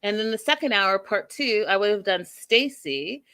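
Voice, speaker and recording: A woman hosting a podcast, giving an animated, emphatic, chatty recap of a reality show. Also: medium pitch, normal speed, clear, resonant tone. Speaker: podcast host. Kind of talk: casual TV recap commentary.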